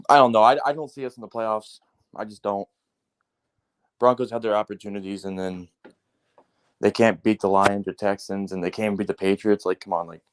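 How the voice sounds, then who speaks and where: A man in a casual, heated sports rant, cursing often and leaning on fillers like "like" and "man". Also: lowish voice. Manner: profane, heated, animated ranting with frequent fillers.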